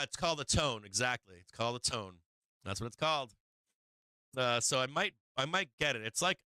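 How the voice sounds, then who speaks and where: A man's voice: mid-range voice, sharp tone, clear, resonant tone, dry recording. A man from Boston hosting a live market stream, rambling in casual chat and laughing often at himself. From Boston, USA. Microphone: streaming microphone on an arm.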